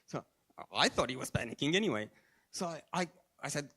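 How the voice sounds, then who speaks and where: A man's voice: very animated, a little fast, slightly rough. Storytelling man giving a sermon. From Australia. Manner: storytelling, shifting between soft low asides and raised emphatic lines; sprinkles Arabic and Farsi religious phrases. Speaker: speaker at a religious gathering.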